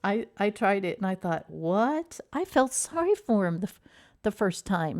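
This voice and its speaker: A woman's voice: medium pitch, lively intonation, measured pace, a little mellow. A woman hosting a casual, rambling chat show, talking loosely with frequent laughs, sighs and fillers. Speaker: host. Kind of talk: casual chat about TV dramas.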